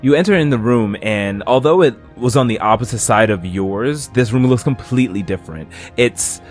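A man's voice: medium pitch, animated, normal speed, faint music behind. A man narrating a tabletop game as game master, rambling with many fillers.

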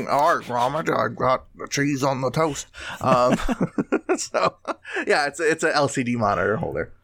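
A man's voice: medium pitch, expressive, a little slow, gravelly, a bit bright. A man co-hosting a podcast, chatting casually and joking, laughing often and restarting his sentences. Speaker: podcast co-host. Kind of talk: casual comedic chat.

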